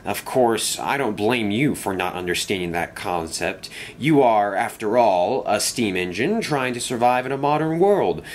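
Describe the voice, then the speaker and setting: A man's voice: on the low side, animated, unhurried, few pauses, a little hiss or hum. A man voicing a smug, menacing male diesel engine who talks in a sneering, theatrical way.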